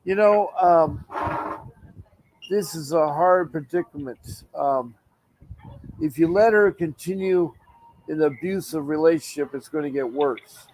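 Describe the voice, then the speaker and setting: A man hosting a call-in show, asking questions and giving calm advice. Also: on the high side, unhurried, long pauses, slight background noise, poor audio. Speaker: host.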